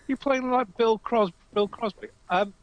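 A man's voice: very high voice, unhurried, muffled recording, a crowd in the background. A man playing a tabletop game, speaking hesitantly with stammers and restarts. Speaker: player. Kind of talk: casual table chat.

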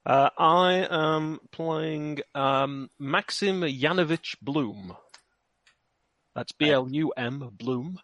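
A man's voice: a little high, drawn-out words, a bit bright, no echo. A man chatting as a player in a tabletop game, playful and teasing. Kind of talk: casual tabletop game chat.

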